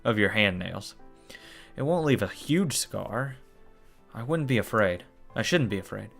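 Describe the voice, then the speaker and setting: A man's voice: lowish voice, expressive, measured pace, gravelly, fairly bright tone, faint music behind. A man reading a visual novel aloud as a let's play host, breaking off into shocked cursing and groans. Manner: shocked cursing and groaning between read lines.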